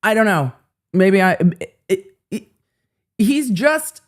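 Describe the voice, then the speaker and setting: A woman's voice: medium pitch, lively intonation, takes it slowly. A woman hosting a legal commentary stream, chatting casually and retelling courtroom moments with animation.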